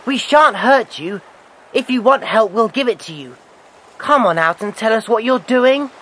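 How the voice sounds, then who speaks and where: Julian, a sensible, steady boy, as acted. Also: mid-range voice, normal speed. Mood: sensible firm. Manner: calm and reasoning. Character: sensible older boy, leader of the children. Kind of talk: dramatized audiobook acting.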